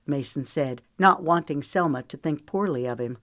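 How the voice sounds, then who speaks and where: A woman with a low voice narrates a romance audiobook, steady and measured. She sits close to a studio mic in a dry, dead room with no echo. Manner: smooth, measured storytelling. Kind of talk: scripted narration.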